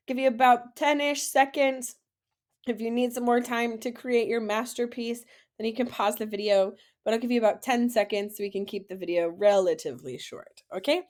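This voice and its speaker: A woman French teacher leading a classroom-style lesson, saying words slowly for students to repeat and praising their answers. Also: on the high side, a little mellow. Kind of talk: classroom lesson, slow model pronunciation.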